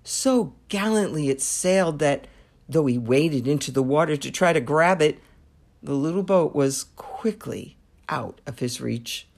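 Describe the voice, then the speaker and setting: A woman's voice: low voice, expressive, gravelly, a little mellow. A woman hosting a devotional podcast, telling a story and drawing a faith lesson from it. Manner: slow and deliberate.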